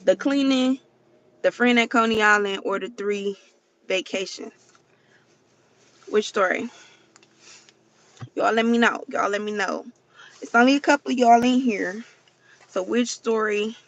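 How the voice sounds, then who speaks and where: A woman's voice: medium pitch, unhurried, pauses often, muffled recording. A woman hosting a casual livestream, chatty and profane, who keeps talking straight to her viewers. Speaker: livestream host.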